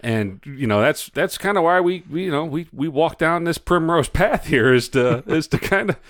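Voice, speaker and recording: A man's voice: a little high, expressive, normal speed, dry recording, studio quality. A man co-hosting a podcast, chatting casually and throwing in teasing, wry asides. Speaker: podcast co-host. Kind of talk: casual chat.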